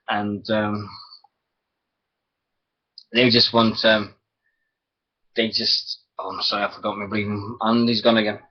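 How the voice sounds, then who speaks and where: Going solo on an internet wrestling radio show, a British man rambles, chuckles and loses track of what he was saying, his throat sore. He speaks slowly with a fairly low, level, slightly rough voice and frequent pauses, over dull lo-fi stream audio.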